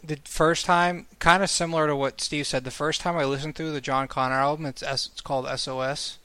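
A man's voice: on the high side, flat delivery, brisk, sharp tone, smooth, no echo. A man chatting casually as a podcast co-host, rambling and swearing freely as he laughs at his own stories. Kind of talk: casual chat.

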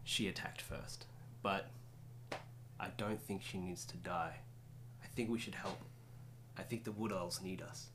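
A man's voice: deep voice, fairly even intonation, unhurried, pauses often, background noise. A man playing an earnest, impulsive young male student in a tabletop game, speaking urgently.

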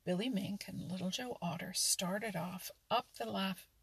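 A woman reading a children's animal story aloud in a calm, steady way. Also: medium pitch, measured pace, creaky, slight background noise. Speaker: narrator.

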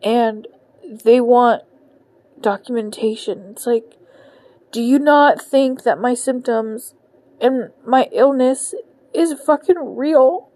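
A podcast host in her thirties lies in bed at home venting her frustration, close to tears and swearing nonstop. She speaks slowly in a warm, slightly high voice.

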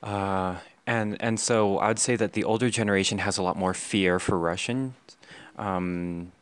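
A young man explaining things in a casual, halting and thoughtful way. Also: deep voice, fairly even intonation, clean tone. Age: young adult.

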